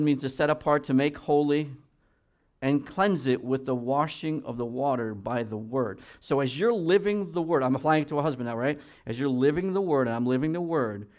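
A male pastor preaching a conversational sermon, talking straight to his congregation and slowing down to read scripture aloud. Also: medium pitch.

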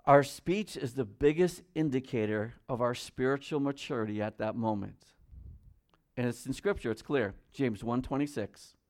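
A pastor delivers a sermon at a moderate pace, putting questions directly to the congregation. His voice shifts between loud, emphatic moments and quiet, low asides.

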